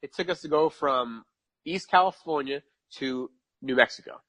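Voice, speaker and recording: A man's voice: fairly high pitch, moderate pace, a crowd in the background. A man from New York, a podcast guest, telling a casual story with lots of repetition for emphasis and laughing at his own mishaps.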